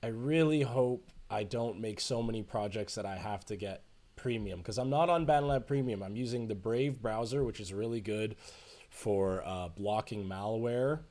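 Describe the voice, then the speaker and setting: A man teaching music production in a relaxed, chatty tutorial, thinking aloud as he works. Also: lowish voice, moderate pace. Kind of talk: screen-share tutorial.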